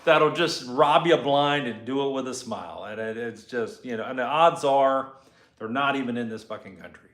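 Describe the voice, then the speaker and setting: Cussing, laid-back garage host in an echoey room. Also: male voice, mid-range voice, moderate pace, fairly bright tone. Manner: profane, rambling, laid-back. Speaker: host and car builder. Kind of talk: casual live garage chat answering viewer comments.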